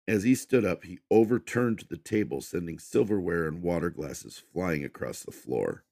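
A man narrating a horror story for a podcast with an expressive reading. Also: low-pitched, normal speed, gravelly.

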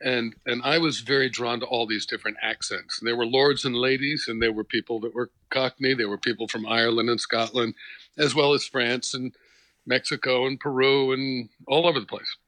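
A middle-aged actor from New Jersey, talking reflectively in a casual interview with many restarts. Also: male voice, medium pitch, steady tone, a little fast, bright, forceful tone, dry recording, low-quality recording. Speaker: actor, guest.

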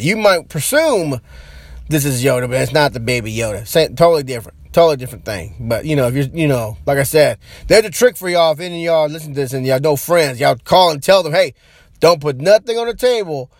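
Male podcast host, slightly high voice, casual rambling delivery, dead dry recording. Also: no echo. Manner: loose and rambling, talks straight to listeners.

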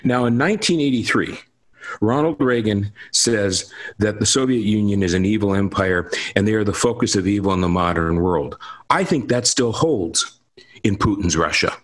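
A man's voice: on the low side, lively intonation, moderate pace. A man giving emphatic commentary on politics in a lecturing, insistent manner. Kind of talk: political discussion.

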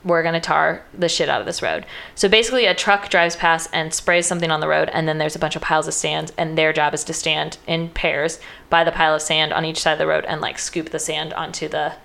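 A young woman in casual chat, retelling a film's plot in a loose, chatty way full of "like" and quick quoted voices. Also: sits low, flat delivery, vocal fry, pushed and bright. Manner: chatty, heavy use of "like", breaks into quoted voices.

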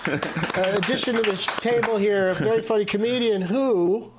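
A man hosting a podcast in a casual chat, relaxed and full of fillers. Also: high voice, heavy background noise. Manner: relaxed, drawn-out filler-heavy delivery. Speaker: podcast host.

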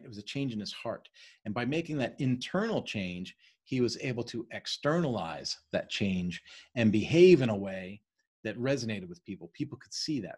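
Husky fast-talking male teacher. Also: on the low side, a little mellow. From East Coast of the US. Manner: fast-talking, keeps checking in with "right?". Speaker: leadership study leader. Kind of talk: casual teaching on a leadership book.

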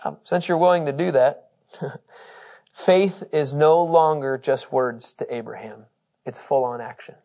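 A man teaching a Bible study, reading scripture with emphasis and talking in an animated, conversational way, laughing often. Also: on the high side, measured pace, gravelly. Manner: reads scripture aloud with emphasis.

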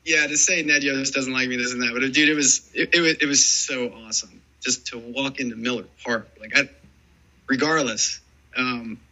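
A man in his forties, a former baseball player, telling rambling, animated stories in a casual interview. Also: mid-range voice, moderate pace, highs cut off. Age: 40s. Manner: rambling, animated storytelling full of "dude" and "man".

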